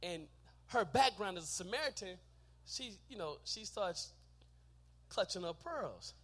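High, bright-voiced preaching man. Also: expressive, unhurried. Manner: shouting, rhythmic preaching with asides to the congregation. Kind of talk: sermon.

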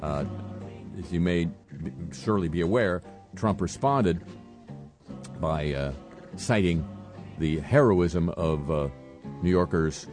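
An older man with a very low voice hosts a radio show, reading news items with a dry, sardonic edge. He halts often with fillers and restarts. Faint music sits behind him. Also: slow, pauses often. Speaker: radio host. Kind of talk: satirical radio commentary.

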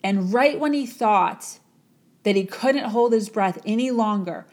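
A woman's voice: mid-range voice, a little slow, a little mellow. A woman telling a motivational parable in a dramatic, repetitive storytelling manner. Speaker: motivational speaker. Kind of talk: storytelling talk.

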